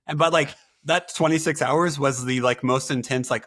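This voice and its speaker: A man in his forties hosting a casual podcast chat, relaxed, acting out little quotes as he talks. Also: medium pitch, moderate pace, few pauses. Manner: relaxed, frequent yeahs, plays out quotes. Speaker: podcast host.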